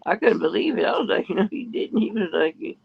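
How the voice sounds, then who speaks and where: Guy spilling tea on a podcast, kinda high gravelly voice, muffled audio, rambles a lot. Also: sing-song, fast talker. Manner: rambling, restarts often, quotes others in a raised voice. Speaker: podcast co-host. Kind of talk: casual gossip storytelling.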